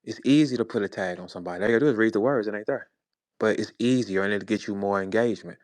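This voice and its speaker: A man in his forties from St. Louis, USA, talks very fast in a lowish voice, and the recording is dry. He's a rapper ranting heatedly with confrontational profanity in an online audio chat, using a phone.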